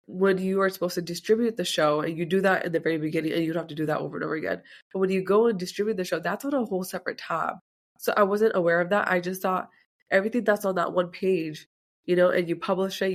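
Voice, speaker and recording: Congested podcast host, stuffy sick voice. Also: mid-range voice. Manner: chatty, rambling, says "like" often. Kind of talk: casual solo podcast chat.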